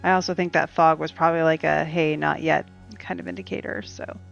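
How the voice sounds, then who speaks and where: A woman's voice: deep voice, level tone, fairly quick, vocal fry. A woman streaming a cozy game, chatting in a rambling, casual way and talking back to the characters on screen. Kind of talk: casual gameplay chat. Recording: dull lo-fi stream audio with faint game music.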